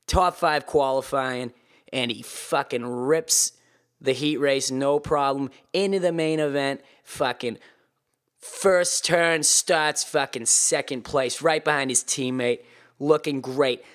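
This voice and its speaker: Brash Boston race-report bro, loud and profane, put on by a male podcast host. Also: medium pitch, steady tone. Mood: hyped, brash. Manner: profane, hyped, drawn-out delivery.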